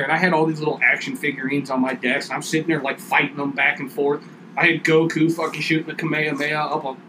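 A man's voice: on the high side, background noise. A man telling a long story in casual chat, swearing a lot and acting out the quotes.

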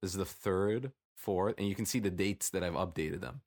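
Very deep-voiced reflective man. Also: darkish tone. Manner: reflective, halting, with frequent restarts. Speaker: business owner and podcast co-host. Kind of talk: casual business chat.

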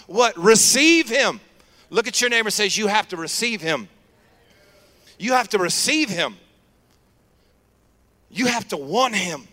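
A male pastor giving an energetic sermon and trading call-and-response with the congregation in a church sanctuary. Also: high-pitched. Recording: long hall reverb.

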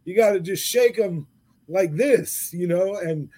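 A man's voice: high-pitched, unhurried, mellow. A man with a New York accent, a guest on a podcast, telling a story with frequent laughter. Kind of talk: casual chat.

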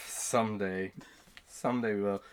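A man's voice: fairly low pitch, fairly even intonation, slow, clear, resonant tone. A young man chatting casually as a podcast co-host, rambling with many fillers. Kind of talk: casual chat.

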